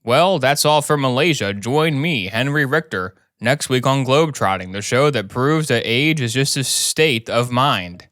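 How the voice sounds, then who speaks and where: Brief: man putting on an older TV travel host, slow and showy, bright tone. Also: mid-range voice, animated, no echo, clean studio sound. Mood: hammy sign-off. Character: older male travel show host, hammy.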